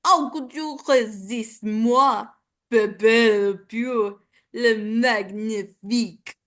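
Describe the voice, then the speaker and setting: A woman voicing an amorous male cartoon skunk with a put-on French accent, speaking slowly in a crooning, romantic way. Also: fairly high pitch, fairly bright tone.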